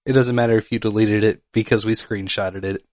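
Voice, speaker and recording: A man's voice: on the low side, fairly even intonation, a little fast, darkish tone, no echo, clean studio sound. A man co-hosting a podcast in casual, joking chat. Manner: playful, joking. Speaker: podcast co-host.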